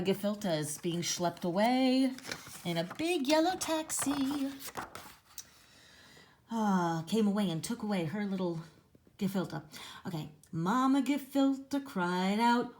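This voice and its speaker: A woman's voice: medium pitch, animated, takes it slowly, pauses often, a little mellow. A woman reading a picture book aloud and chatting about the pages, explaining words as she goes. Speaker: storybook reader.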